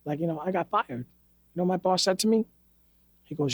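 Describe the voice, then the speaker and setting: In a podcast studio without room sound, a man with a higher-leaning voice talks briskly and with lively intonation. He's a New York martial arts teacher telling casual interview stories in a blunt, profane, streetwise way.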